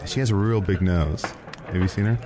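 A man voicing a talking male badger shapeshifter with a dry, teasing deadpan. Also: deep voice, brisk, music in the background, close to an everyday voice.

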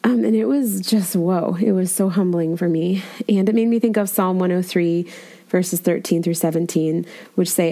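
Mellow-voiced woman telling a faith story. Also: lowish voice, moderate pace. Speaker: guest sharing a personal story. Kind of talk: personal devotional testimony.

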